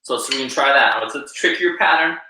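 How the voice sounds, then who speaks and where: A man's voice: medium pitch, brisk, vocal fry, over loud music. Man teaching drums over echoing room. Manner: counts beats aloud, encouraging. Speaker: percussion instructor. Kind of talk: live online drum lesson. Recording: echoey room with drumming behind.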